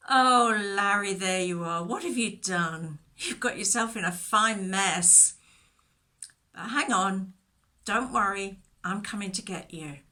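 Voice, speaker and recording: A woman's voice: lowish voice, moderate pace, few pauses. A woman playing a caring shepherd. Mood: reassuring. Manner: calling out loudly. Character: caring male shepherd searching for his lamb.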